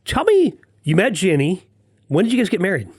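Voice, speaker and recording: A middle-aged man hosting an interview show, chatting casually and dropping in quick reactions. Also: sits high, wildly swooping pitch, husky, dry recording, clean studio sound. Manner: chatty, frequent short reactions. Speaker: podcast host.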